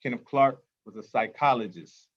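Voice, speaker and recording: A man's voice: mid-range voice, normal speed, highs cut off. Earnest man leading a call-and-response. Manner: call-and-response chant with quiet answers, then earnest, passionate speech with fillers. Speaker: festival organizer and host. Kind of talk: libation call-and-response, then heartfelt talk.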